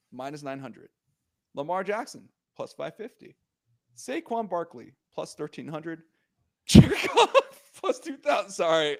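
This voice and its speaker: A young man hosting a casual sports podcast, animated and joking, heated as he rants, full of slang and filler words. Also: a little high. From Korean American. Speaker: podcast host.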